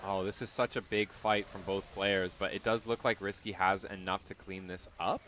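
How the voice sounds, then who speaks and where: A man's voice: low voice, little pitch movement, normal speed, a bit bright, a little hiss or hum. A young man commentating a live esports match, chatty and self-deprecating, trailing into fillers as he talks. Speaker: esports caster.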